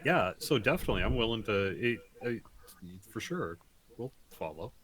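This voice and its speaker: A man's voice: on the low side, big pitch swings, normal speed, fairly bright tone. A man playing a tabletop game in casual talk, rambling and jokey. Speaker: player.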